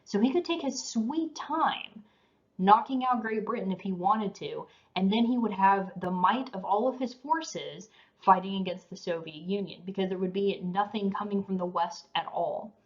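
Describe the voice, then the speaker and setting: A woman's voice: mid-range voice, normal speed. A woman giving a history lecture in a casual, conversational way, tired and yawning now and then. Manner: casual, conversational, says you know and um. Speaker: teacher. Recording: dull lo-fi recording.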